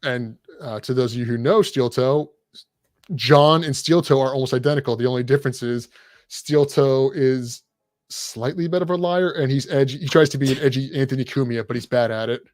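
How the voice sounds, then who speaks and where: A man's voice: mid-range voice, a little fast, a little mellow, no echo, studio quality. A man talking as a guest on a casual podcast, rambling and self-deprecating, with an irreverent streak. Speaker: guest content creator.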